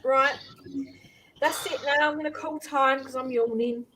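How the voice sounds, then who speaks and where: An older woman talks in a fairly high, light voice as she hosts a casual live chat. Her speech is chatty and easygoing. A faint hiss of background noise sits under it. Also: steady tone, unhurried, poor audio. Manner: chatty, warm sign-off thanks. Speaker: live stream host.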